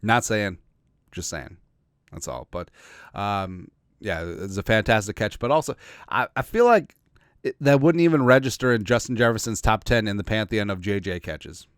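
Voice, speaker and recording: A man's voice: on the low side, animated, normal speed, clean tone, no room sound, clean studio sound. A man hosting a sports podcast, talking casually and sarcastically, rambling and trailing off into mutters. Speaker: podcast host.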